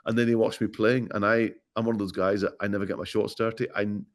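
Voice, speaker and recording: A man's voice: fairly low pitch, flat delivery, quick pace. A middle-aged man with a Glaswegian Scottish accent, a guest actor chatting in an interview in a playful, joking way. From Scotland. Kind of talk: casual interview chat.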